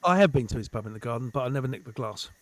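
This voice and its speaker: A man guesting on a podcast, chatting casually as an animated storyteller who swears and acts out quoted voices. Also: mid-range voice, racing. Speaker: guest comedian.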